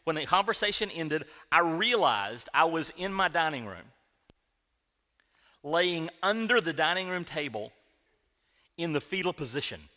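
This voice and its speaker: A man's voice: a little high, sing-song, unhurried, long pauses, sharp tone. A middle-aged man preaching a sermon in a church, telling a personal story in a conversational way with frequent restarts. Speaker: pastor. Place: church sanctuary. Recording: long hall reverb.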